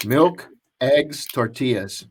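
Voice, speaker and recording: A man's voice: mid-range voice, lively intonation, slow, darkish tone, slightly rough. A man co-hosting a podcast, telling a long story in casual chat with lots of restarts and fillers. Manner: rambling, many restarts and fillers. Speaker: podcast co-host.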